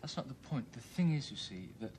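An actor playing an apologetic young grandson who rambles hesitantly. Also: male voice, medium pitch, expressive, brisk, darkish tone, slight background noise, lightly acted. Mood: worried. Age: young adult.

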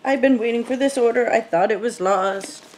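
A woman's voice: fairly high pitch, moderate pace, a little mellow, a little hiss or hum. Chatty woman rambling through an unboxing. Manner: rambling, thinks aloud, many ums. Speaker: beauty vlogger. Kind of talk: casual unboxing chat.

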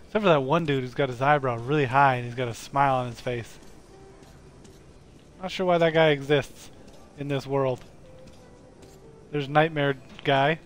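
A man's voice: medium pitch, fairly even intonation, normal speed, long pauses, faint music behind. A man casually commenting while he plays a game live, joking and talking to the characters on screen. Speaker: streamer playing a game.

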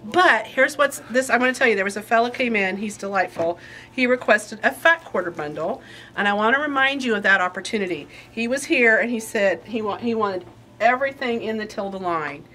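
A middle-aged woman chats through new stock at her shop, bubbly and easily sidetracked. She rambles warmly from one item to the next. Faint shop noise hums behind her. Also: fairly high pitch, animated, brisk. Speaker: quilt shop host. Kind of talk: casual chatty product show-and-tell.

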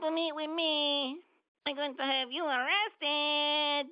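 A woman's voice: high-pitched, fairly even intonation, slow pace, dry recording. A woman putting on a broken-English foreign persona to taunt someone on a prank phone call. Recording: dull phone-line audio.

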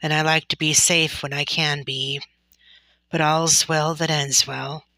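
A woman reading aloud, doing an exhausted frontier father, slow and unhurried. His plain, folksy phrasing stays steady. Her tone is bright and the sound is dry and close. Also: a little high, no room sound, exaggerated voice. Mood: calm. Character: weary, steady pioneer father.

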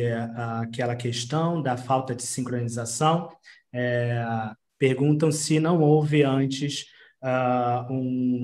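A man with a Brazilian Portuguese accent moderates a panel, politely summarizing audience questions for a guest. He hesitates often with fillers as he goes. His voice sits at an ordinary middle pitch.

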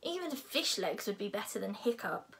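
A woman's voice: medium pitch, very animated, moderate pace, creaky, fairly bright tone. A woman voicing a scornful young Viking boy who sneers at a classmate, as a storybook reading. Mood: sneering.

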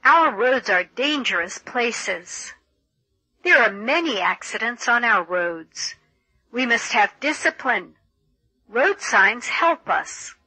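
A woman reads a textbook passage in a clear, deliberate way. Her voice is bright and lively in pitch, and she takes it slowly. The sound is dry and close. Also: dry recording, poor audio. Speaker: textbook audio reader. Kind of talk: scripted textbook narration.

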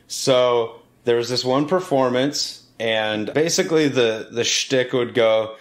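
A man co-hosting a podcast, telling a story in a relaxed, self-mocking, chatty way. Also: medium pitch, takes it slowly, hardly any pauses. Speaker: podcast co-host, opera singer. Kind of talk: casual storytelling chat.

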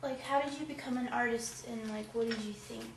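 A woman with a slightly high voice puts questions to a friend in an easy, encouraging tone. She sounds distant and roomy, with a faint hiss in the background. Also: a little fast. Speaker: friend and interviewer. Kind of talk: casual interview questions.

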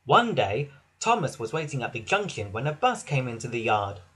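A man reading a children's storybook aloud in an expressive, sing-song way. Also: medium pitch, moderate pace, breathy edge. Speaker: narrator.

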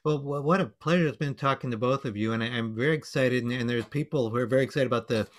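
A man's voice: mid-range voice, fast talker. A man emceeing an online panel, telling a joke and signing off with playful wordplay over a video call. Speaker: emcee and storyteller. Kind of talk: casual online panel hosting.

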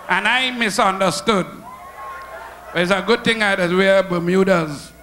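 A man with a Trinidadian accent telling stand-up jokes on stage, animated and laughing at his own punchlines. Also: high-pitched, measured pace, slight background noise. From Trinidad and Tobago. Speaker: stand-up comedian. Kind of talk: stand-up comedy storytelling. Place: comedy show stage.

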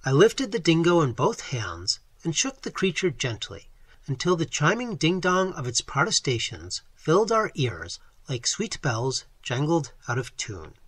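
A man's voice: on the high side, fairly bright tone, slightly rough, no echo. A man reading a story aloud as audiobook narrator, telling it expressively. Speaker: audiobook reader. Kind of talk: scripted narration.

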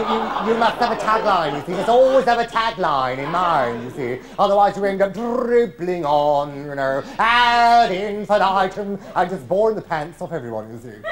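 An actor playing a camp, waspish older English comic with a drawn-out theatrical delivery. He gossips crudely and swings into indignant outbursts. Performed live on stage as a monologue. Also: fairly high pitch. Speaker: stage actor in a one-man show.

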